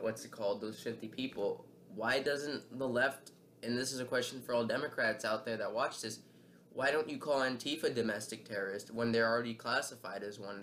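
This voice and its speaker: A man's voice: mid-range voice, fairly bright tone, a little hiss or hum. A man hosting a heated commentary video, angry and emotional, swearing often and repeating himself with fillers. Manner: repeats words and filler phrases.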